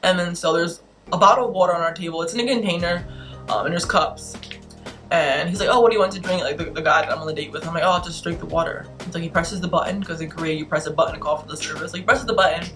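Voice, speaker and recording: A woman in her twenties vlogging, telling a story in an animated, exasperated, emphatic way. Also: fairly low pitch, fast talker, faint music behind. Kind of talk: casual storytelling vlog.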